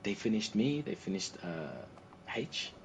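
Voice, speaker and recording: A man hosting a livestream, chatting casually and telling an animated anecdote, acting out the people he quotes. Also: on the low side, measured pace, creaky. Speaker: livestream host. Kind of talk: casual storytelling to a co-host. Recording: noisy livestream audio.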